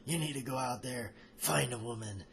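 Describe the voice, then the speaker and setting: A raspy, bossy male gang leader barks orders at his crony, as a man puts him on in the middle of casual talk. The voice sits a notch higher than the speaker's usual tone and carries a gruff edge. Recorded close with faint room ambience behind. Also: normal speed, fairly bright tone, slight background noise. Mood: commanding.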